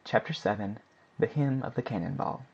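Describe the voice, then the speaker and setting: A man reads a classic novel aloud in a steady, even-paced audiobook narration. His voice is husky and sits low. The recording is dull and lo-fi. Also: normal speed.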